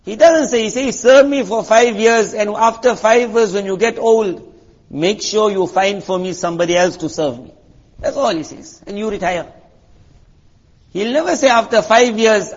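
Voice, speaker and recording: A man's voice: sits high, husky, long reverb tail. A man preaching a sermon in a conversational, storytelling way, asking his listeners rhetorical questions. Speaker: Islamic preacher. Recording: muffled lo-fi recording.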